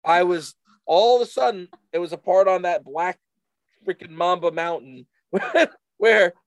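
A man casually telling a rambling, animated story full of fillers to a friend. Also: high-pitched, measured pace, dry recording. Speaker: storyteller in a chat.

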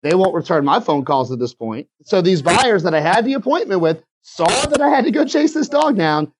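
A realtor with a South Louisiana accent spins a story in a casual interview. His voice sits high for a man and he acts out each phone call as he goes. A faint hiss runs under the recording. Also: brisk. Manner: animated storyteller acting out phone calls. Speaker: realtor guest telling a story.

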